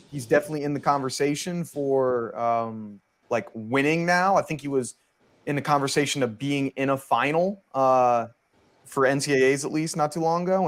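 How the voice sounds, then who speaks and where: A man on a panel giving his take on recent races in casual talk, full of fillers. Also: mid-range voice. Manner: hesitant, many fillers. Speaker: guest panelist.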